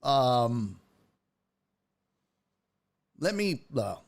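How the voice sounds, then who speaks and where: A man's voice: medium pitch, big pitch swings, extremely slow. A man hosting a sports stream, chatting casually, rambling and often breaking off mid-sentence. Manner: rambling, self-interrupting, exclaiming. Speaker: sports show host. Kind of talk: casual live-stream chat.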